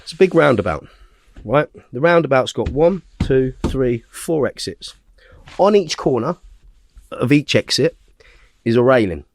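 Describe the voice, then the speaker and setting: A man, a young adult at a guess, telling a story on a podcast in a blunt, profane way. His voice sits at an ordinary pitch for a man, and the recording is close and dry, with no room sound. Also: expressive, a little slow, pauses often, dry recording. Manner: vivid, blunt storytelling full of swearing. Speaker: podcast guest.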